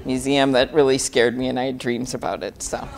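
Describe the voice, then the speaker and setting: Low-voiced woman senator telling stories. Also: level tone, brisk, a little mellow, slight background noise. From Minnesota. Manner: chatty storytelling with many fillers. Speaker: US senator giving a keynote speech. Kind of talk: live public speech with anecdotes. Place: event hall before a live audience.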